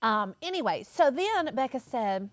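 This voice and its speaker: A woman co-hosting a crafting chat, telling stories with lively acted-out voices. Her voice sits a little high. The sound is dry and close. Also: measured pace, dry recording. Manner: animated storyteller, acts out quotes. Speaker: craft channel co-host. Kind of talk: casual chat.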